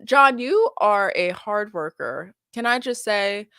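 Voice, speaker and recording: A woman's voice: medium pitch, expressive, slow, bright, forceful tone, no echo, studio quality. A young woman streaming a reaction to a video, chatting and giggling to her viewers and saying "like" a lot. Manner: giggly, chatty, full of filler "like".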